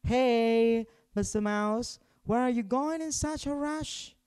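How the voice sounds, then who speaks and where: A man's voice: extremely high pitch, slow, a little mellow, smooth, voice pushed up. A man voicing a fussy, choosy little female mouse who speaks politely but firmly. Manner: polite and particular.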